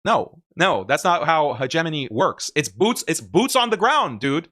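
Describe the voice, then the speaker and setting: A man's voice: fairly high pitch, sing-song, moderate pace, bright, forceful tone. A man giving casual reaction commentary on a stream, emphatic and argumentative, often laughing.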